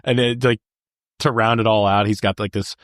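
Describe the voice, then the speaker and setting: A young man with a low-set voice chats casually on a podcast, laughing often as he retells scenes. He says "like" and "dude" constantly, and the sound is dry and close. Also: moderate pace, no echo. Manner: laughs often, animated, quotes movie lines. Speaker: podcast co-host. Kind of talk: casual movie chat.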